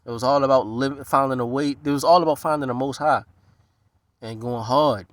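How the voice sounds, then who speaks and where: A man from the East Coast rants to the camera in a loose, streetwise way, full of swearing. His pitch jumps high and low as he gets worked up. The sound is close and dry, with no room around it. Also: normal speed, no echo. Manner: animated, profane, streetwise, slips into voices of others. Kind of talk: casual profane monologue.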